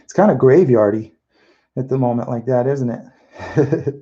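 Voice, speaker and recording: A man's voice: medium pitch, dark tone, dull audio. A man chatting casually as he paints live, thinking aloud and correcting himself as he goes. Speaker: mural painter.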